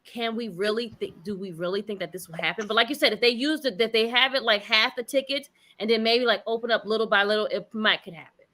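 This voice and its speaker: A woman co-hosting a podcast, her voice a little high and bright. She fills her talk with "like" and quick agreeing words. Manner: lots of "like", agreeing fillers. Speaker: podcast co-host. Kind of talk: casual chat.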